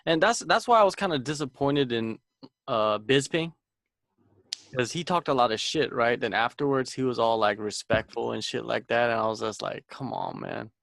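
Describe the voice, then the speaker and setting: A man's voice: medium pitch, normal speed, creaky, fairly bright tone, no room sound, clean studio sound. A man co-hosting a casual podcast, speaking bluntly and swearing freely. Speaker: podcast co-host. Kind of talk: casual chat.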